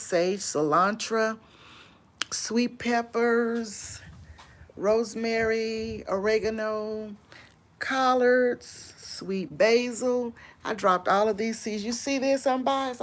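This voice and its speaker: Woman, unhurried drawl, chatty live-stream talk, laughs often, outdoors on a walk. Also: a little high. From Louisiana. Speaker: vlogger host. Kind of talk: casual live-stream chat answering viewers.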